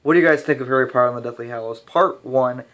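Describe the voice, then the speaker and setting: A young man rambling casually through a movie review, ranting a little and restarting his sentences, his voice slightly hoarse. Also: medium pitch, fast talker, a bit bright.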